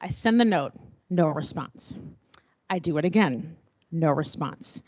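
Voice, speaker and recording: A middle-aged woman telling a personal story at a panel, expressive and acting out remembered dialogue. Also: sits low, a little slow. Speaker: panel speaker.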